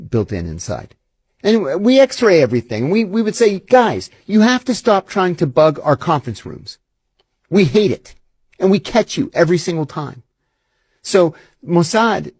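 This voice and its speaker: Animatedly telling stories and acting out the dialogue he quotes, a former intelligence officer speaks as an interview guest in a conversational setting. His mid-range voice carries vocal fry, a darkish tone, and huskiness, with no room sound.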